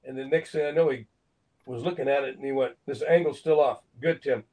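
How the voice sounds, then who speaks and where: Animated older man telling stories. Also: medium pitch, fairly quick, rough recording. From Phoenix, Arizona, USA. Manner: animated, acts out quotes, laughs between lines. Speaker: actor and guest. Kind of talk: anecdotal storytelling in an interview.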